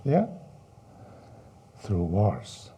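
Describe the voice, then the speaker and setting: Man giving a dharma talk, real slow, super dark and husky voice. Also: low voice, huge pitch swings. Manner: slow, halting, many fillers and rhetorical questions. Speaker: Buddhist teacher. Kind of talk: dharma teaching.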